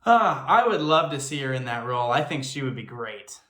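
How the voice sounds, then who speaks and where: A man's voice: medium pitch, big pitch swings, moderate pace, a bit bright. A man hosting a reaction video, giving enthusiastic, analytical commentary on singing technique. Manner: analytical, breaks down and imitates singing. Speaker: reaction video host, actor and filmmaker. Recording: echoey room.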